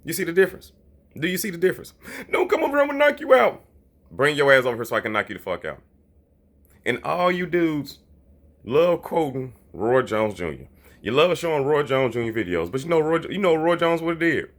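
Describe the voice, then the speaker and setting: Fairly high-pitched and sing-song, this man speaks at a fairly quick clip. A boxing commentator, he rants about the sport in a heated, profane, blunt and repetitive way, frequently imitating others in quoted voices to mock them.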